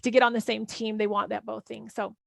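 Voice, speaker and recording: A woman's voice: on the high side, flat delivery, gravelly, no room sound. A woman hosting a parenting workshop and answering listener questions in an earnest, encouraging way. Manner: earnest and encouraging, quick run-on phrasing with "like". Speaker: parenting coach and podcast host.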